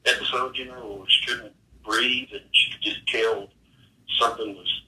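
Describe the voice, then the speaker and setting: A man's voice: mid-range voice, fairly even intonation, moderate pace, sharp tone, roomy sound, far from the mic, low-quality recording. A man, a homeowner, describing strange events hesitantly, rambling with many fillers.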